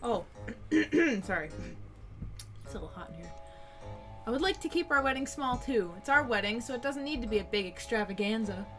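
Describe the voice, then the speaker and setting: A woman's voice: fairly high pitch, expressive, brisk, sharp tone, faint music behind. A woman joining her friend for a let's-play, giggly, teasing and full of exclamations. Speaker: co-player, friend of the host. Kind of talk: casual let's-play banter.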